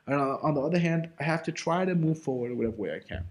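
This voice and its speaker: A man with a slightly high, expressive voice talks rapid-fire while teaching Torah informally. The class is conversational and loose, sprinkled with fillers and rhetorical questions he asks himself.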